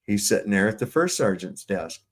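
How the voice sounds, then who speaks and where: A man's voice: fairly low pitch, lively intonation, moderate pace. A man in a casual panel chat, telling army stories in a rambling, profane way with frequent restarts.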